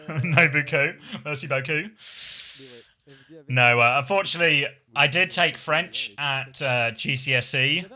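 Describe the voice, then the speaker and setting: A man's voice: on the high side, slow, sharp tone. An English man streaming esports, chatting casually with his chat in a self-deprecating way and calling play-by-play.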